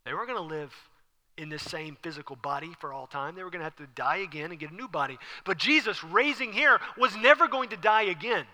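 Brief: animated male pastor, high, very bright and forceful voice, echoey hall. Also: fast talker. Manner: animated, conversational preaching with asides and laughs. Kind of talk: sermon.

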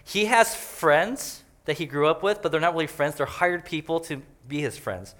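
A man's voice: a little high, animated, normal speed, a bit bright. A man preaching a conversational sermon as a pastor, joking and chatty as he explains a passage. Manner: joking and chatty, laughs often.

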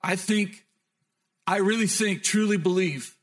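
High-voiced man preaching a sermon. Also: a little slow. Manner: emphatic preaching, dropping to soft reflective tones. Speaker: pastor.

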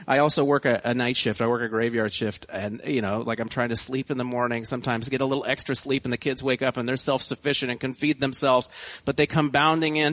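A man's voice: mid-range voice, fairly even intonation, fast, fairly bright tone, no room sound. A man in his thirties preaching a sermon in a conversational, self-deprecating way, often restarting his sentences and adding asides to the congregation.

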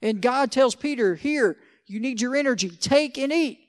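A man's voice: extremely high pitch, lively intonation, normal speed. A man preaching a sermon as pastor, conversational, with joking asides and rhetorical questions.

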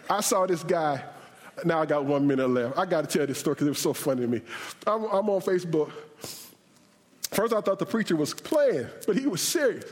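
A male pastor preaching an animated, humorous sermon with shouted bursts, then praying in a softer voice. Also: high voice, normal speed. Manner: closes in a softer prayer. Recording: reverberant hall.

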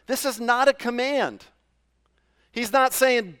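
A man's voice: very high voice, moderate pace, fairly bright tone, clean tone. A middle-aged man from New England preaching a sermon in a loose, conversational way, full of fillers and questions to the congregation. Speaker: pastor.

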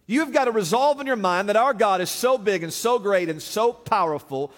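A pastor preaching a sermon, building up with emphatic, repeated phrases. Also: male voice, sits high, lively intonation, moderate pace, a bit bright, long reverb tail. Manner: preaching with rising emphatic repetition.

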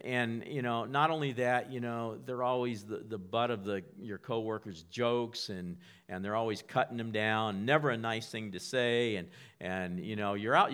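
A man preaching a sermon in a conversational way. He often repeats and restarts words and sometimes whispers a line to act out an inner voice. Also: mid-range voice. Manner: acts out inner voices, whispers a quiet prompt.

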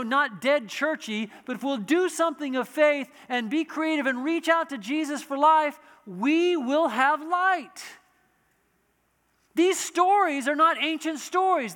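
High bright-voiced preacher in a reverberant hall. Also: male voice. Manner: conversational preaching with frequent restarts and asides. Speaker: pastor. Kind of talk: sermon.

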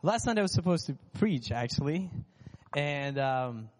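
A man's voice: a little high, lively intonation, normal speed, darkish tone. Reverberant man sharing a church testimony. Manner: candid, self-deprecating storytelling. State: recovering from lost voice. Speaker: worship leader. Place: church sanctuary.

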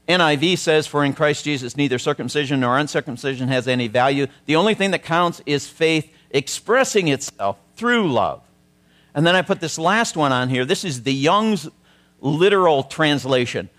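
Conversational male interim pastor preaching. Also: a little high. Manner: conversational preaching, reads scripture aloud, drops softly into prayer. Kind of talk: sermon. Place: church sanctuary.

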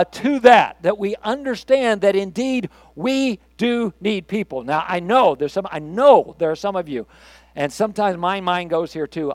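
An older man preaching a recorded sermon in a fairly high voice. He talks conversationally, pushing some lines out loud and dropping others to quiet asides. The sound is dry and close, with no room echo. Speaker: pastor.

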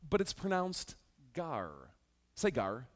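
A male pastor preaching a Bible-study sermon, animated and joking as he teaches. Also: on the high side, slow.

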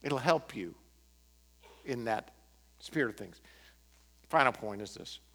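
A man preaching a sermon as pastor, impassioned, swinging from emphatic peaks to quiet, earnest moments. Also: mid-range voice, animated, a little slow. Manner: impassioned, rising to emphatic peaks then dropping to quiet prayer.

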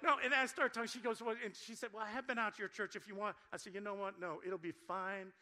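A male pastor delivers a sermon in a church, with a high-pitched voice. He tells stories in an animated, joking way and talks straight to the congregation. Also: fast. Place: church sanctuary.

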